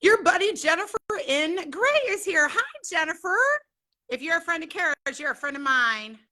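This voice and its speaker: Speaking at normal speed in a very high, sharp voice, a chatty middle-aged Southern Californian hosts a relaxed home livestream. She's bubbly and greets each viewer by name.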